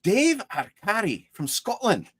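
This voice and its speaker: A man's voice: high-pitched, a little slow, slightly rough, dry recording, studio quality. A man co-hosting a livestream, chatting enthusiastically about his CD collection. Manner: enthusiastic, lively collector talk. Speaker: co-host showing his CD collection. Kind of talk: casual chat on a livestream.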